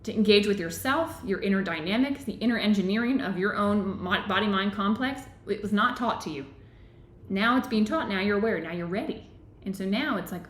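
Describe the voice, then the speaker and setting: A woman's voice: mid-range voice, moderate pace, a little hiss or hum. Earnest woman teaching, echoey room. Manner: earnest, repeats "right?" often. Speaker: book club host and yoga teacher. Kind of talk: teaching a live online book club.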